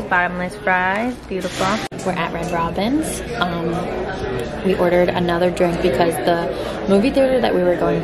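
A woman in her twenties talking casually to her phone camera in a vlog, chatty and excitable, swearing freely. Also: medium pitch. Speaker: vlogger.

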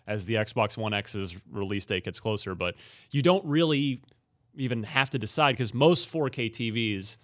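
A man hosting a casual gaming podcast panel, often pausing with fillers and restarting his sentences. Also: fairly low pitch, lively intonation, fairly bright tone. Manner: hesitant, hedging with fillers. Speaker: podcast host.

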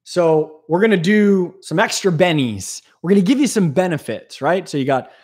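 A man hosting an aquarium channel, talking in an animated, rambling, jokey way on a live stream. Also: sits high, normal speed, breathy edge. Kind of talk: casual live-stream talk.

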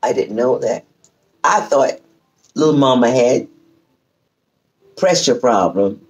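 A woman's voice: very deep voice, measured pace, dull audio. A woman telling a family story in casual chat, acting out what each person said. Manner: lively storyteller who acts out quoted speech. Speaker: host.

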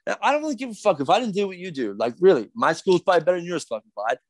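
A man's voice: sits high, sing-song, rapid-fire, dry recording. A middle-aged man from Philadelphia, a podcast guest ranting in a profane, agitated, rambling way with many restarts. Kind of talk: heated podcast rant.

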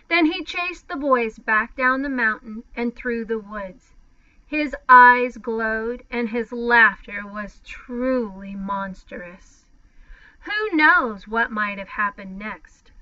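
A woman reading a children's picture book aloud in an expressive, deliberate way. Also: on the high side. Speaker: storybook reader. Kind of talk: children's storybook read-aloud. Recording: slightly muffled lo-fi sound.

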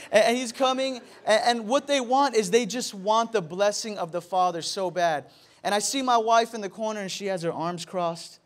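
A pastor in his thirties delivers a sermon in a notably high voice for a man. He tells his stories animatedly and often repeats words as he goes. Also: moderate pace. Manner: animated storytelling with repetitions.

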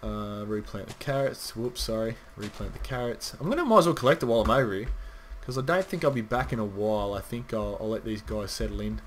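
A man's voice: fairly low pitch, fast, few pauses, slight background noise. Chatty man narrating his gameplay. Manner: rambling, chatty, swears casually, talks to viewers. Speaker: gaming channel host. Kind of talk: casual gameplay commentary.

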